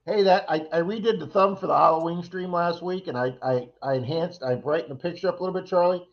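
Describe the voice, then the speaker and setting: A man's voice: a little high, fast. A man co-hosting a casual livestream chat, telling rambling stories and acting out other people's lines. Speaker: livestream co-host. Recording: dull lo-fi stream audio.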